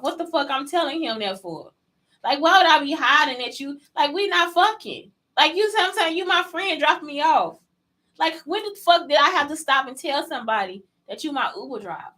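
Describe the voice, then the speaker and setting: Her voice sits high, pushed and bright, and she's expressive and fairly quick as she hosts a casual solo podcast. Blunt and profane, she fires rhetorical questions right at her audience, addressing them as "y'all," over low-quality audio.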